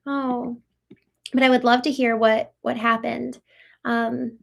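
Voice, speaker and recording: A woman's voice: a little high, little pitch movement, measured pace, vocal fry. A woman from Maryland hosting a live show, talking through chat comments in an effusive, reflective way with lots of fillers and restarts. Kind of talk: live-stream talk answering chat comments.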